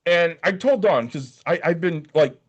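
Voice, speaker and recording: A man's voice: a little high, unhurried, breathy edge. Tired, swearing man telling a story. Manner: profane, animated storytelling with quoted dialogue. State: tired from little sleep. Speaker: podcast co-host. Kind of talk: casual chat.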